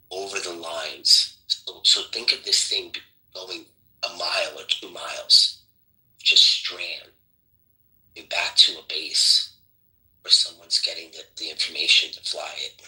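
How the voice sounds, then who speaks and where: A man's voice: sits low, little pitch movement, measured pace, long pauses, bright, forceful tone, low-quality recording. A man chatting casually on a podcast, joking loosely, trailing off and repeating himself.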